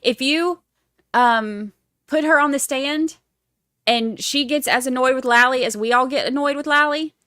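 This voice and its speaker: A woman's voice: high-pitched, unhurried, bright, forceful tone, dry recording. Chatty, snarky woman livestreamer, dry sound. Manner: snarky, chatty, laughs easily. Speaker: livestream host. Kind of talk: casual chat with live chat.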